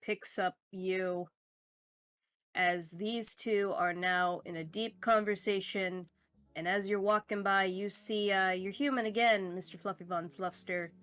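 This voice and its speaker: A woman narrating a tabletop game as game master, talking in a relaxed way with fillers and laughs. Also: medium pitch, unhurried, no room sound, clean studio sound.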